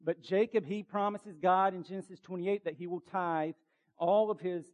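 A man's voice: high voice, fairly even intonation, highs cut off. Emphatic male pastor preaching. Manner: urgent, emphatic preaching with quick asides. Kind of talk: sermon.

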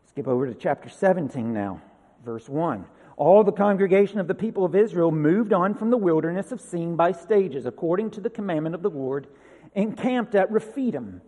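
A man with a high, light voice preaches a sermon, reading scripture aloud with lifted emphasis. Between readings he drops into a loose, chatty tone. The sound rings with a long reverb from a large hall. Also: warm tone. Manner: reads scripture with rising emphasis, then talks casually. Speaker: pastor.

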